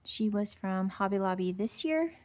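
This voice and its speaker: With a mid-range voice, lively intonation, and normal speed, a home decor vlogger casually narrates a tour of her decorated outdoor porch. She gushes and chats throughout, full of fillers and sweet little remarks.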